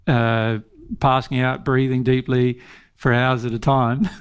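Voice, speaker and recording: A man's voice: medium pitch, little pitch movement, unhurried, smooth. A man giving an informal spiritual teaching talk, earnest, repeating phrases and laughing often.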